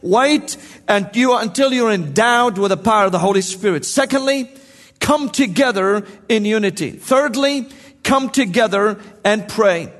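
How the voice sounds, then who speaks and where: A male preacher delivers a sermon in a high, ringing voice, building his points through emphatic repetition and questions to the crowd. His words carry a long reverberant tail from the hall. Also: unhurried, a bit bright.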